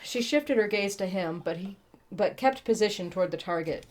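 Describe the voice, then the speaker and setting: A woman's voice: medium pitch, lively intonation, normal speed. A woman co-hosting a comedic book read-along, reading aloud with profane, laughing asides.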